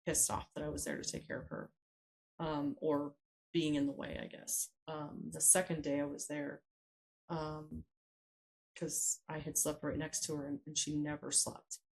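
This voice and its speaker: A woman guest on a podcast interview, recounting a personal story in a hesitant way, with frequent pauses and fillers. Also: deep voice, little pitch movement, vocal fry, a little mellow, poor audio.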